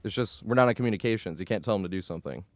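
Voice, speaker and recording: Speaking rapid-fire in a lowish voice, a man commentates his live gameplay stream chattily, yelling at the game when it fails him before apologizing and thanking his viewers. The recording has no echo.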